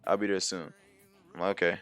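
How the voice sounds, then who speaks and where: Young adult male storyteller, low register, loose and slangy, over soft background music. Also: fairly quick, smooth. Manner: rambling, slangy, animated retelling with many fillers. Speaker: storyteller vlogger. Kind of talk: casual storytime monologue.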